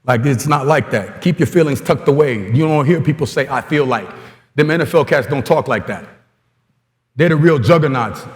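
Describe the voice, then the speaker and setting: A man's voice: fairly high pitch, animated, normal speed, big-room sound. A man from Congo gives a blunt, streetwise motivational talk to coaches, full of stories and slang. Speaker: guest speaker at a coaching clinic.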